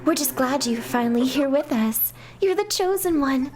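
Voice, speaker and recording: A woman's voice: high voice, animated, moderate pace, a little mellow, a little hiss or hum. A woman voicing eerie sing-song toys. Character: chorus of eerie welcoming toys.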